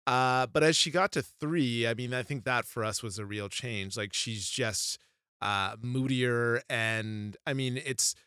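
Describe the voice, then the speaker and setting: On a podcast, a man in his thirties rambles through stories in casual chat, acting out every quote with animation. His voice is mid-range for a man, a little slow, and clean. The recording is very dry and close, with no room sound at all.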